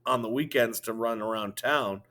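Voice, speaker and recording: A man's voice: medium pitch, moderate pace, pushed and bright, natural voice. A male teacher voicing a blunt, skeptical teenage girl who speaks dismissively.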